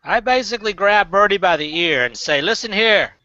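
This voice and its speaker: A male player at a tabletop game who talks gruffly and bossily in character. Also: sits high, expressive, brisk, sharp tone, no room sound. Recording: dull lo-fi recording.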